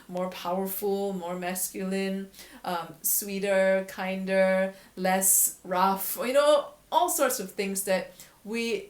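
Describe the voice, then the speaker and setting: A woman voice coach talking candidly to camera in a vlog, reflective and often laughing at herself. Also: medium pitch. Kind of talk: casual vlog talk to camera. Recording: echoey room.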